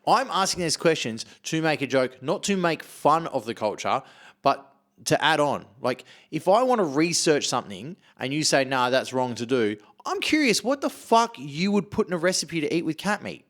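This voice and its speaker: Profane ranting man, lively voice. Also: a little high, normal speed. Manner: blunt, heavily profane, animated ranting. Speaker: podcast co-talker. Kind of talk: casual podcast chat.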